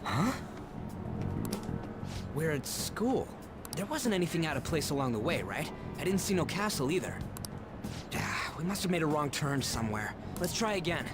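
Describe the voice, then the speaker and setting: Man putting on a pushy Southern thug kid, high and lively. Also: normal speed, long pauses, loud music behind the voice. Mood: casual. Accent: American Southern. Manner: brash, pushy. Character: brash young male delinquent student.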